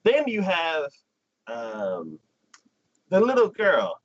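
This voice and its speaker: Animated man retelling a plot. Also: on the high side, very slow, muffled recording. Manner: animated plot retelling, acting out characters in quotes. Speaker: anime podcast host. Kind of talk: casual livestream chat.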